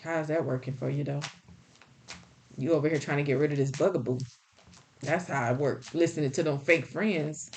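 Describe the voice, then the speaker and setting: A woman with a fairly low voice gives a spiritual tarot reading. She talks straight to the listener in a blunt, scolding, folksy way. A faint background hiss runs under the recording. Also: normal speed, pauses often, darkish tone. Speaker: tarot reader.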